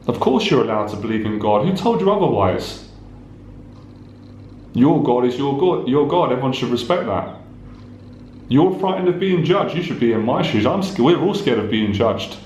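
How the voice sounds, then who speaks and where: A man's voice: medium pitch, darkish tone, roomy sound, slight background noise, rough recording. A man, a life coach, giving an intense, repetitive motivational talk straight to the viewer, swearing at times. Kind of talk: direct-to-camera motivational talk.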